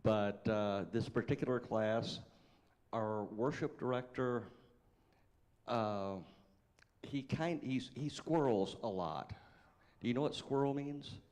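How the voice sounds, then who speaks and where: A man from the audience who runs the sound booth at his church, introducing himself casually and haltingly, with frequent fillers. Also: mid-range voice, a little mellow.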